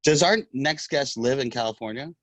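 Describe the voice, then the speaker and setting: A man's voice: medium pitch, moderate pace, fairly bright tone, no room sound. A man co-hosting a podcast in casual chat, joking in a campy way and mimicking people in his stories. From Los Angeles. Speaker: podcast co-host.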